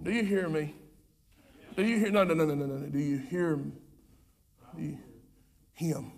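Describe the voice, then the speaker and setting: A pastor preaching a sermon in a church, fervent and repetitive, swinging from loud urging to quiet asides. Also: male voice, fairly high pitch, normal speed, gravelly. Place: church sanctuary.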